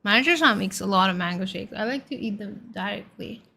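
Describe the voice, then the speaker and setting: A woman's voice: mid-range voice, fairly quick, vocal fry, pushed and bright. A young woman streaming, chatting casually and playfully with her chat and stumbling over tongue-twisters.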